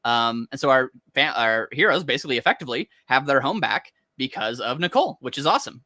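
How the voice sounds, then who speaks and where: Male co-host, lively sing-song delivery, bright dry close-mic sound, storyteller who laughs easily. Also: mid-range voice, fast, no echo. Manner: animated storytelling, acts out characters; laughs often. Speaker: podcast co-host. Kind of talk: casual chat.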